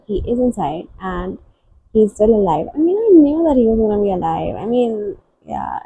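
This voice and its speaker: A woman book vlogger giving soft, halting and emotional reactions while reading. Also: mid-range voice, sing-song, husky, no room sound, lo-fi sound.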